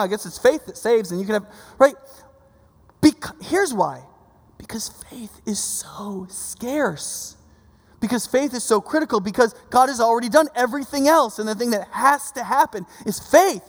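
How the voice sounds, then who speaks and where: Conversational preacher with long reverb. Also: male voice, sits high. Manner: conversational, asks "right?" often; animated storytelling with voiced quotes. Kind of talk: sermon.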